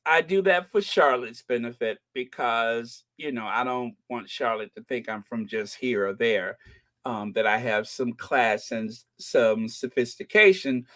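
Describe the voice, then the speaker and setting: A man's voice: mid-range voice, fairly bright tone. A middle-aged American man hosting a royal news channel, chatting in a rambling, joking way with many fillers. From United States. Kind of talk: casual commentary.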